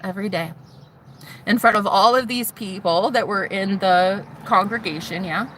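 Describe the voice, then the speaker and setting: A woman vlogger telling her personal story to camera, animated and sassy, swearing freely and calling the viewer "honey". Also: mid-range voice, moderate pace, slight background noise. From United States. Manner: swears freely, shouts mocking retorts.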